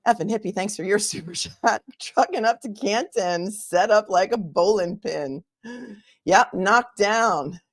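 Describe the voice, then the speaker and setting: A woman's voice: medium pitch, unhurried, no echo, studio quality. A woman hosting a live stream, chatting casually and reading out viewer comments in a conversational way. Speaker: host of a live-stream channel reading super chats. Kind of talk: casual chat.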